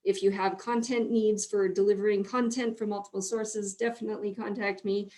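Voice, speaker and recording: A woman hosting a business webinar in an upbeat, chatty way, her voice slightly hoarse. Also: mid-range voice, level tone, fairly quick, dark tone. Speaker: webinar host. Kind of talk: conversational panel talk.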